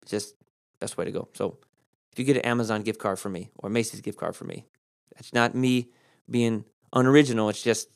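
A man's voice: fairly quick, gravelly. Chatty male Bible teacher. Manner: conversational, animated pitch jumps for emphasis. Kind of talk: casual Bible teaching podcast.

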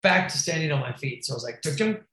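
A man's voice: mid-range voice, rapid-fire, pushed and bright, reverberant, low-quality recording. A man telling a wild crash story in casual, profane slang, calling the listener bro and dude. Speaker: podcast guest, BMX rider.

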